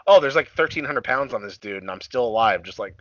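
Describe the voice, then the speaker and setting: A man's voice: medium pitch, lively intonation, quick pace, fairly bright tone, no room sound, lo-fi sound. A young man co-hosting a casual podcast, profane and self-deprecating, laughing often. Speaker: podcast co-host.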